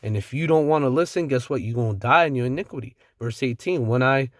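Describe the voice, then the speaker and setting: A man's voice: mid-range voice, fast, dry recording, clean studio sound. A man preaching from scripture, reading verses aloud and then riffing on them in blunt, slangy street talk with the odd chuckle.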